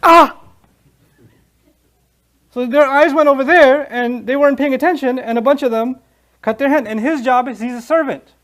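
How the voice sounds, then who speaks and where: A man giving a lively Quran lecture, acting out scenes from the story and laughing along the way. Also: very high-pitched, fairly quick. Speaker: Islamic lecturer.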